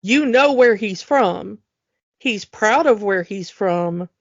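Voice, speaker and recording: A woman co-hosting a podcast, talking in an animated, emphatic way as she rants. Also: medium pitch, slow pace, no echo. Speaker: podcast co-host. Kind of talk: casual chat. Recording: dull lo-fi dry sound.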